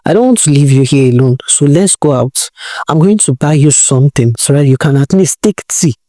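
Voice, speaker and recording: A woman voicing a gentle young husband who speaks calmly and reassuringly. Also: low voice, fairly quick, no room sound. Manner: calm, reassuring.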